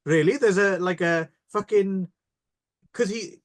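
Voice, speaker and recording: Man, podcast co-host, somewhat high voice, casual and jokey, swears. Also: a little slow. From Canada. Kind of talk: casual film chat.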